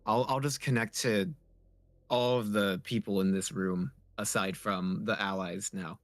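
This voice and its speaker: Low-voiced man playing a tabletop game. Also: fairly even intonation, a little slow, fairly bright tone, no room sound. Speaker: player. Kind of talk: in-character tabletop play.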